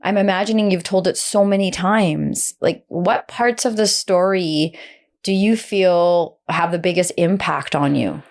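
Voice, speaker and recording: Gentle, empathetic woman podcast host. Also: fairly low pitch, measured pace. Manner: empathetic, gentle, moved to near tears. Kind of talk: interview conversation.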